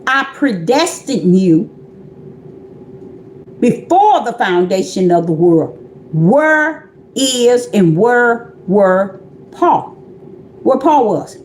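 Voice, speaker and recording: A self-described prophetess preaches an informal livestream sermon, chatty and repetitive, speaking directly to her listeners. Her voice is on the high side and a little mellow, sing-song and extremely slow with long pauses, in an echoey room with slight background noise.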